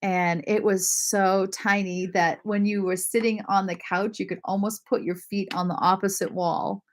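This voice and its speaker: A woman from Maine hosting a casual livestream, chatting warmly with viewers, often apologizing and laughing as she reads their comments. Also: mid-range voice, fairly even intonation, normal speed. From Maine, USA. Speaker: lifestyle channel host.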